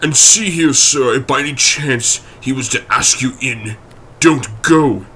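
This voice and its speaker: A man's voice: mid-range voice, unhurried, bright, forceful tone, a little hiss or hum. A man voicing a frightened, loyal middle-aged butler who speaks urgently and pleadingly. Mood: anxious urgent.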